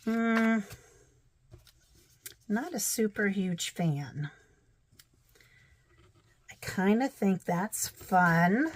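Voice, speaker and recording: A woman's voice: mid-range voice, animated, extremely slow, long pauses, no room sound. A woman narrating her crafting casually, thinking aloud with chatty, self-deprecating asides.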